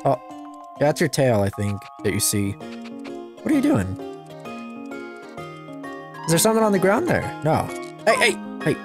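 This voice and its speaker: A woman's voice: deep voice, sing-song, a little fast, over music. A woman giving casual gameplay commentary, sarcastic and playful, chatting to a virtual puppy.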